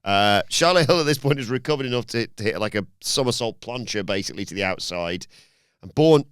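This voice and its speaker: A man hosts a casual wrestling podcast and retells the matches with lively, swooping delivery, putting on the wrestlers' voices as he goes. His voice is smooth and clear, and it is recorded dry and close. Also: medium pitch, a little fast, no echo. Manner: animated storytelling with acted-out quotes. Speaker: podcast host. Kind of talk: casual wrestling review chat.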